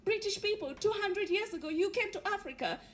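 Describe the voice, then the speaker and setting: Speaking a little fast in a very high-pitched, expressive voice, a Kenyan-accented woman works a theatre stage with a wry comedy routine built around punchlines. Laughter comes from the audience, and faint noise runs under the live recording.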